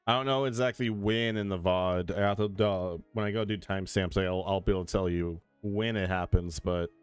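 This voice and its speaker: A man's voice: deep voice, steady tone, brisk, clean tone, no room sound, faint music behind. A young man streaming a game, chatting loosely and joking in a rambling way. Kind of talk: casual gameplay commentary. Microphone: desk mic with compressor.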